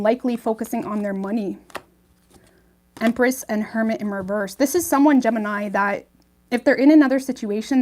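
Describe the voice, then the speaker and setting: A woman's voice: a little high, a little mellow. A woman giving a casual tarot reading to her viewers, chatty and reassuring, often checking in with "okay?" and "right?". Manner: chatty, reassuring, many ums and okays. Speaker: tarot reader.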